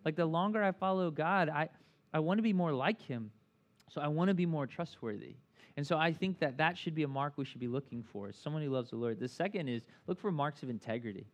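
Chatty pastor, man with a high voice. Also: brisk, highs cut off. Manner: animated and chatty, full of asides; often asks "right?" and "like". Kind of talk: conversational sermon.

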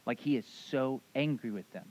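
A man in his thirties preaching a sermon, animated and casual, acting out voices in his retelling. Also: mid-range voice, moderate pace, lo-fi sound. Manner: animated storyteller, acts out voices, casual asides. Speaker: pastor.

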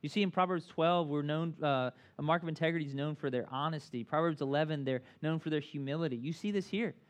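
A man preaching a conversational sermon as pastor, animated and full of asides, often checking in with "right?". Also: on the high side, quick pace.

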